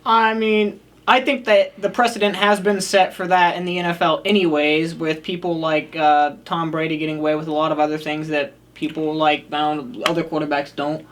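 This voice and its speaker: A man's voice: on the high side, flat delivery, normal speed, fairly bright tone, a little hiss or hum. Hesitant young male co-host. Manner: hesitant, full of fillers. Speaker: radio show co-host. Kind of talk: casual radio talk show chat.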